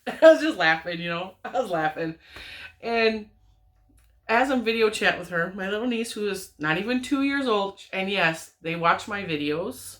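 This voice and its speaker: A woman's voice: mid-range voice, moderate pace. A woman crochet vlogger, perhaps in her thirties, chatting at home in a rambling, giggly way as she tells family stories. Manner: rambling, giggly, animated retelling with frequent laughs. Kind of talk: casual chatty storytelling.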